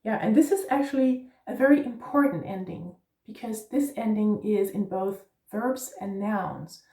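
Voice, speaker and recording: Slow-talking woman teaching pronunciation. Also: medium pitch, mellow, reverberant, far from the mic. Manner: patient, spells out letters, frequent "yeah?" checks. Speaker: Danish language teacher. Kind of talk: pronunciation lesson.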